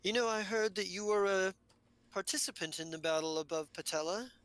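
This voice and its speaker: An eager female alien diplomat with a bright voice, keen and probing, put on by a man running the game. She leans in with questions. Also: sits high, moderate pace, dry recording, low-quality recording.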